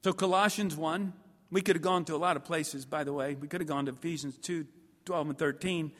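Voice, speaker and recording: Animated preacher in a reverberant hall. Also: male voice, a little high, fairly quick. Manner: animated, voices mock listeners, emphatic swings in loudness. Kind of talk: sermon.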